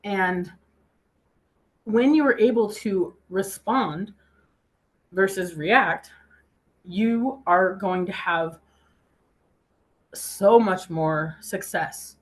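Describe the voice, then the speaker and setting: A woman's voice: medium pitch, extremely slow, long pauses. A woman giving a motivational talk, telling a personal story in a chatty way and quoting herself often. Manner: laughs easily. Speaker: speaker.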